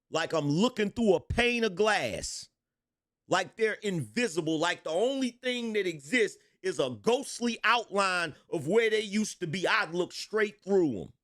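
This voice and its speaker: A man's voice: high voice, a bit bright. Emphatic, blunt middle-aged man host. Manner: blunt, emphatic, repeats lines, swears freely. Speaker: livestream commentary host. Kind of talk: livestream commentary, reading out chat.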